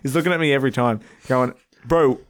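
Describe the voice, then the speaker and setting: A man telling a funny story on a casual podcast, laughing often and swearing freely. His pitch swings widely as he goes. The sound is dry and close on a podcast mic. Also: lively intonation, a little fast, no echo. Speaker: podcast co-host. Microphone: studio podcast mic, close.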